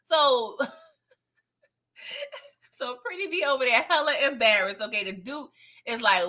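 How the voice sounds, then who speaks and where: A woman's voice: fairly high pitch, a little slow, pauses often, bright, forceful tone. A woman hosting a casual live recap of a TV episode. She laughs often, uses plenty of slang, and speaks straight to her viewers.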